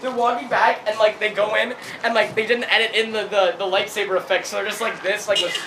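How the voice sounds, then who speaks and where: High-voiced giggly young man rambling. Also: fairly even intonation, fast. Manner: giggly, rambling, full of fillers, voices shouted quotes. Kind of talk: rambling improvised comedic storytelling. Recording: clear background noise.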